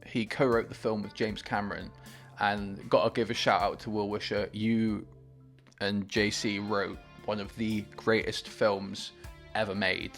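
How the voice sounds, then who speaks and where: A man hosting a movie reaction, talking about the film with excited, gushing enthusiasm. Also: lowish voice, unhurried, gravelly, faint music behind.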